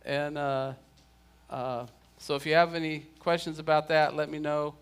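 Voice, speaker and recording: A man with a slightly high voice teaches a relaxed church Bible class. He chats easily and jokes with the people in the room. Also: moderate pace, clean tone. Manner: chatty, joking with the class.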